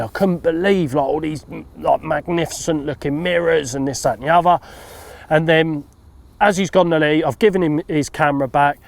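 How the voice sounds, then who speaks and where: A lively, animated man spins a funny story from the bank, acting out what people said. His voice sits a touch higher than most men's. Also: normal speed, vocal fry, slight background noise. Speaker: carp fishing consultant. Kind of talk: telling a funny anecdote.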